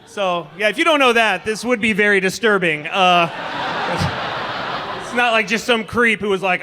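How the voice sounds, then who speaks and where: A man performing a stand-up comedy set on a comedy club stage, talking in an animated, conversational, mocking way. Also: high voice, moderate pace, background noise.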